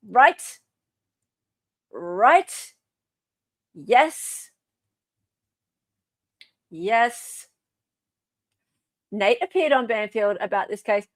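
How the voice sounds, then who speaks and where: A woman's voice: a little high, big pitch swings, extremely slow, long pauses, no echo. An Australian woman hosting casual true crime commentary, chatty and sarcastic.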